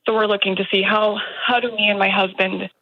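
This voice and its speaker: A young woman calls in to a show over a dull, muffled line. Her voice has a gravelly edge, and she speaks hesitantly, filling her pauses with ums. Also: medium pitch, little pitch movement, no echo. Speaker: caller. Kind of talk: phone-in question.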